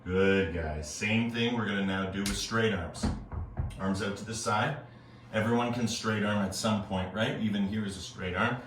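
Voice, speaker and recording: A man teaching a yoga class, calmly cueing breaths and movements with casual asides. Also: fairly low pitch, normal speed, far from the mic, noisy background. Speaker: yoga instructor. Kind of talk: guided yoga class instruction. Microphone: earbuds. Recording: very echoey room, voice off-mic.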